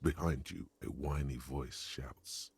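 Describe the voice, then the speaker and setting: An actor voicing the grave male narrator of a detective game, speaking in a slow, measured, deadpan way. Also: a bass voice, vocal fry, slight background noise, heavily acted.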